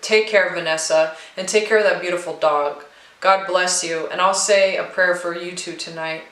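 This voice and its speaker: Kindly man driving a cemetery cart, a woman voicing him. Bright tone, echoey room. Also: on the low side, fairly even intonation, moderate pace, close to an everyday voice. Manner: kindly, blessing.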